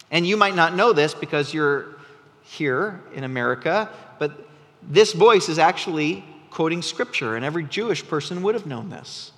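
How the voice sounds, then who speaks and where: A man preaching a sermon as a pastor, an animated storyteller whose voice rises when he gets excited. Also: on the high side, normal speed. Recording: long reverb from a large hall.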